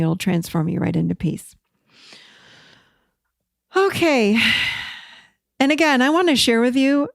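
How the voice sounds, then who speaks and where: A middle-aged woman hosting an encouraging self-help talk, direct and warm, repeating words for emphasis. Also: mid-range voice, no echo, studio quality. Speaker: host.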